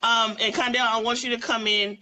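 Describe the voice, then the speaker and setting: A woman's voice: a little high, level tone, brisk, bright, forceful tone, poor audio. A woman hosting a casual political chat show, teasing her co-host and reading out viewer comments.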